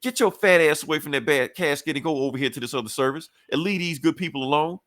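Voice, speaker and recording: A man's voice: fairly high pitch, quick pace, fairly bright tone, voice pushed up, close to an everyday voice. A man voicing a bossy, blunt older woman who scolds as he retells a story on a podcast. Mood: scolding.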